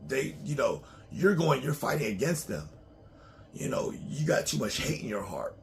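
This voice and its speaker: A man's voice: mid-range voice, big pitch swings, normal speed, vocal fry, a little hiss or hum. A man talking casually in a loose, profane, rambling monologue to his own channel, often breaking into laughs. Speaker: vlogger.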